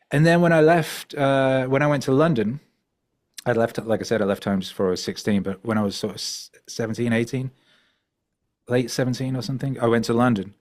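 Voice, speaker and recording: A middle-aged man, a podcast guest, telling stories in an animated, rambling way, full of fillers and restarts. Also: fairly low pitch. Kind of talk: storytelling conversation.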